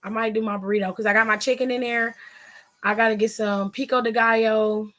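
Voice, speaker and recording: A woman's voice: fairly high pitch, little pitch movement, a little fast, a bit bright. A woman hosting a casual aftershow, telling stories in a loose, profane, gossipy way. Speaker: aftershow host. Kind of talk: casual chat recapping wrestling.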